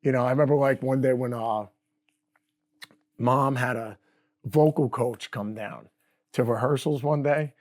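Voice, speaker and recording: A man's voice: mid-range voice, unhurried, long pauses. A middle-aged man, telling a funny anecdote in a casual interview and laughing often. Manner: laughing, animated anecdote teller. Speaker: guest guitarist. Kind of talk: casual storytelling.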